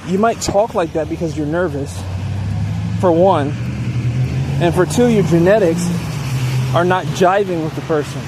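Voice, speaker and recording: A man's voice: high voice, unhurried, pauses often. Man lecturing over traffic noise. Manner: preachy, repeats "okay?" to check in. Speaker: dating advice channel host. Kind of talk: lecturing monologue to viewers.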